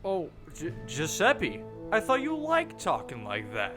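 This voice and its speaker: A man's voice: on the high side, huge pitch swings, measured pace, bright, forceful tone, soft background music, heavily acted. A man voicing a bumbling small-town mayor who stammers and gets flustered, in an amateur fan dub.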